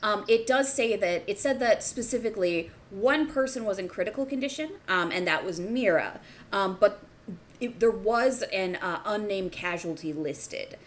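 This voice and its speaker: Woman, game master, narrating, measured pace, faint noise. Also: medium pitch, lively intonation, low-quality recording. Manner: descriptive, measured narration with pauses.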